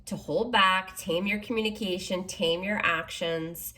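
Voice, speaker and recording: Speaking a little slowly in a low-leaning voice with fairly even intonation and a bright, forceful tone, a woman delivers a casual, comforting tarot reading. She keeps checking in with "okay?" and "you know," over faint background noise.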